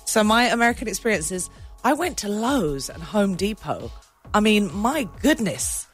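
A woman from England with a London accent chats as a guest, telling stories with animated energy and acting out the people she quotes. Her voice sits at a middling pitch, and faint music plays behind her. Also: moderate pace. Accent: London English. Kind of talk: casual chat.

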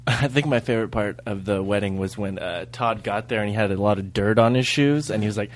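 A man's voice: lowish voice, brisk. A man co-hosting a podcast who tells teasing anecdotes in casual chat. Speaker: podcast co-host and DJ.

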